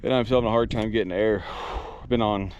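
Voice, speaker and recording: Out of breath as he works on an old truck, a vlogger rambles in plain, casual talk, often restarting sentences. His voice is lowish, steady, rapid-fire, darkish, clear, and resonant, though the recording cuts off the highs.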